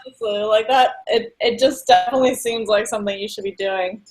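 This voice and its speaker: A woman's voice: a little high, huge pitch swings, normal speed, rough recording. Young woman chatting with enthusiasm. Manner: enthusiastic, frequent laughter. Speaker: co-host. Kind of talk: casual chat.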